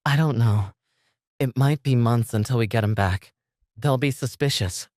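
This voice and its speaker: A man's voice: mid-range voice, normal speed, a little mellow, no echo, studio quality, lightly acted. A man voicing a hot-tempered young vampire woman in an audio story, speaking in clipped, furious bursts. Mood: tense.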